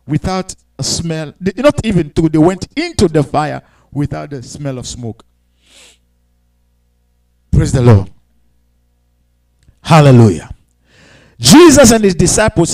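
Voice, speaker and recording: A man preaching a sermon with call-and-response, moving between quiet reading and shouted cries. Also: a little high, poor audio. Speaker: pastor.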